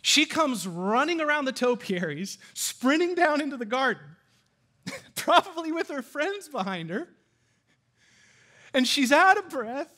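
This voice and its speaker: High-voiced animated male preacher. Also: unhurried, long pauses. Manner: animated, asks the audience questions. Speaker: pastor. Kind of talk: sermon.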